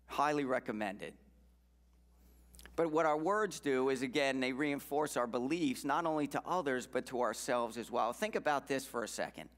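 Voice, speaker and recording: Male guest speaker, emphatic motivational church talk, medium pitch, reverberant hall. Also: fairly bright tone. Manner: earnest, emphatic, repeats phrases.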